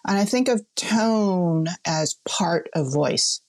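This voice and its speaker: A woman freelance food writer with a fairly low, gravelly voice. She talks in a wry, emphatic way in a relaxed podcast chat. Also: slow pace. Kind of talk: casual podcast discussion.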